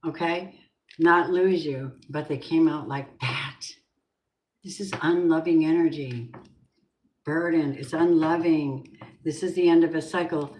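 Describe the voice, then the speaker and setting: A woman's voice: sits low, a little slow, a little mellow, slight background noise. A woman giving a tarot reading, musing and asking the cards and spirit questions aloud. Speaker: tarot reader. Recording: roomy echo.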